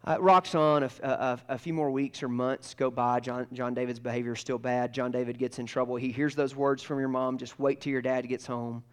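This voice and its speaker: A male pastor preaching a storytelling sermon, swinging from loud, excited passages down to hushed whispers. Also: medium pitch, fairly quick, few pauses, clean tone.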